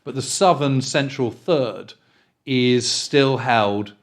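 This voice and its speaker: A middle-aged man co-hosting a history podcast, explaining events in a casual, methodical way and slowing down for emphasis. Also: medium pitch.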